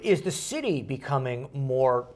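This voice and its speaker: A man's voice: medium pitch, very animated, unhurried. A man hosting a local TV interview, asking questions in an easy, conversational way and signing off the show. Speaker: TV host.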